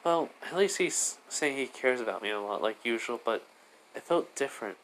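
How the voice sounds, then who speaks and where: A man's voice: mid-range voice, expressive, normal speed, a bit bright, slight background noise, low-quality recording. A man doing a flustered young goddess. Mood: wistful.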